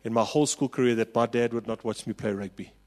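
South African pastor preaching in a reverberant hall. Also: male voice, medium pitch, steady tone, fast talker. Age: 40s. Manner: impassioned storytelling, building to loud calls. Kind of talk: sermon.

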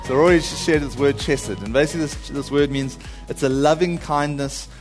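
A preacher gives an informal, earnest sermon to a congregation, building to pleading cries when he quotes. His voice is on the high side and a little fast, with a long reverb tail and music in the background.

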